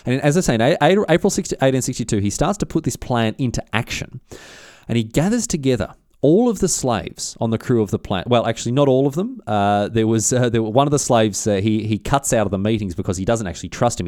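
A man telling a history story in a loose, chatty way, full of filler words, restarts and cheeky slang. His pitch swings lively up and down as he goes. The recording is close and dry, without room sound. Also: fast, dry recording.

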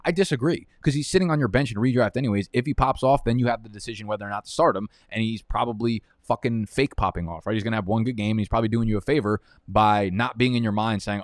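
A man's voice: lowish voice, quick pace, few pauses, dry recording, clean studio sound. A young man streaming live, rambling through fantasy football draft picks in profane, heated rants. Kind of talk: casual live-stream commentary while drafting.

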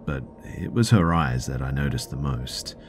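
A man narrating a first-person story in a measured, matter-of-fact way. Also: a bass voice, soft background music.

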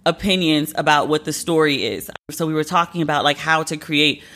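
Speaking at a brisk clip with a medium-pitched voice, this thirty-something podcast host rants alone, casual, animated and full of swearing.

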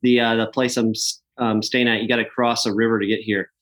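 A man's voice: mid-range voice, little pitch movement, fairly quick, fairly bright tone. A man who is a podcast guest, talking about his work in an easygoing casual chat and laughing along. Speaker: podcast guest, app founder.

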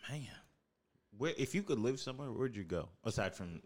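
A man's voice: medium pitch, expressive, normal speed, a little mellow. A man co-hosting a podcast, curious and asking many questions in casual chat. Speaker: podcast co-host.

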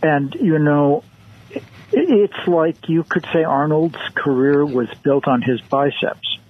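A man's voice: a little high, lively intonation, slow pace. A man on a radio show giving enthusiastic, opinionated views on film actors. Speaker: film critic guest. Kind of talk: casual radio interview. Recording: muffled radio broadcast.

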